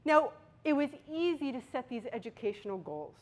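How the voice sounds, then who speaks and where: A woman's voice: sits high, sing-song. Bostonian woman giving a speech. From Boston, USA. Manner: storytelling, emphatic pauses. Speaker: Toastmasters speaker. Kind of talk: prepared speech.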